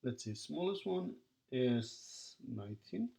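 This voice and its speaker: A man explaining a math lesson in a recorded video, with a gravelly edge and a pitch in the middle range. He talks to his students as he works through each step and counts the numbers aloud. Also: sing-song, takes it slowly, mellow, slight background noise. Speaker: math teacher.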